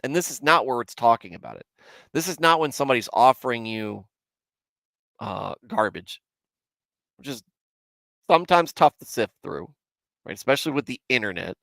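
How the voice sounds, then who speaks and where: A man's voice: medium pitch, animated, normal speed, creaky, long pauses, fairly bright tone, dry recording, studio quality. A man in his forties hosting a casual Bible commentary livestream, self-deprecating and candid as he answers his chat. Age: 40s. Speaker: host of a Bible commentary show.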